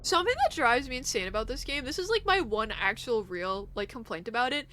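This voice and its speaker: A woman's voice: on the high side, lively intonation, fairly quick, fairly bright tone, slight background noise. Giggly, foul-mouthed young woman streamer. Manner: giggly, profane, teasing toward chat. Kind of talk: casual chat over gameplay.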